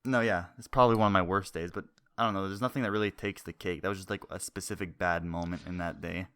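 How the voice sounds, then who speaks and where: A man's voice: deep voice, steady tone, quick pace, a bit bright, smooth, no room sound. Rambling young man telling a story. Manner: rambling, swears freely, laughs through his story. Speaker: podcast co-host. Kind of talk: casual storytelling chat.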